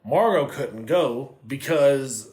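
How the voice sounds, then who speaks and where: A man's voice: medium pitch, expressive, takes it slowly, darkish tone. A man co-hosting a casual TV review, recapping scenes with lots of swearing and acting out the characters' lines. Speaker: co-host reviewing a TV series. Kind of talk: casual chat.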